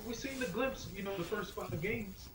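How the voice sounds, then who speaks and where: A man co-hosting a casual sports talk podcast, speaking in a measured way with frequent ums. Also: high voice, fairly bright tone, low-quality recording. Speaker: podcast co-host.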